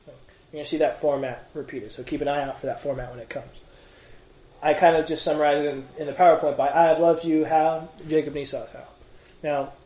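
A man leading a casual Bible study group, explaining passages in an animated, conversational way and asking rhetorical questions. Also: on the high side. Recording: echoey room.

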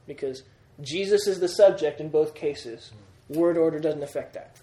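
Male teacher, fairly high voice, patient explainer, reverberant room sound. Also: moderate pace, mellow. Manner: patient, repeats key points and checks understanding. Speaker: Greek teacher. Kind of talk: classroom grammar lesson. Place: classroom. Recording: roomy classroom sound.

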